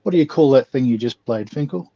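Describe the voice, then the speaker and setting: Mellow man on a dull lo-fi line. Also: medium pitch, lively intonation, fast talker. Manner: laid-back, asks questions. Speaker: livestream guest. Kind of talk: casual livestream chat. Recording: dull lo-fi line with faint noise.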